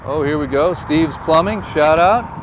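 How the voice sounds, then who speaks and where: A man's voice: fairly high pitch, a little slow. A man giving casual, joking tour commentary while driving, filmed on a phone. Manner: chatty, jokey, tells anecdotes. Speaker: real estate agent vlogger. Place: in a car driving outdoors. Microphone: phone camera. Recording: windy outdoor phone recording. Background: wind and traffic noise.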